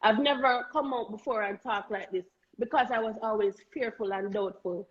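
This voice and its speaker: A Jamaican woman with a notably high voice talks in an earnest, emphatic way, circling back and repeating words as she pushes her point. The sound is dull and lo-fi. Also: moderate pace. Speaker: guest. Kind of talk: candid conversational talk.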